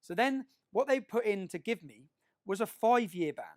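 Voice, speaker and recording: A man speaking to an audience in a forceful, emphatic way. His voice sits fairly high for a man, and he keeps tagging his points with quick questions to the crowd. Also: expressive. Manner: emphatic, with frequent tag questions. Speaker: public speaker. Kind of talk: speech to an audience.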